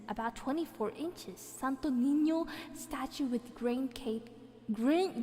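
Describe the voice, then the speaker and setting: A woman's voice: high voice, darkish tone. A woman, reading a viewer's horror story on a live stream, playful and breaking in with laughing comments. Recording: reverb effect added, faint background music.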